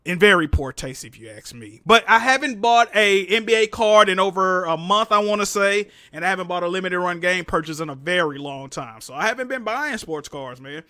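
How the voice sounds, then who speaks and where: Young guy streamer, high bright voice jumping all over, swearing and laughing, dry sound. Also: brisk, hardly any pauses, no echo. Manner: animated, swearing, slangy, laughs often. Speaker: livestream host. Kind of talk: casual livestream chat, reading donations.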